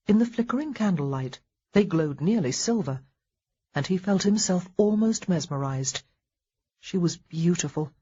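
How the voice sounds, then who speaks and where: Woman reading an audiobook, wry and expressive, lowish husky voice, kinda muffled audio. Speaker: audiobook narrator. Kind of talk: scripted narration.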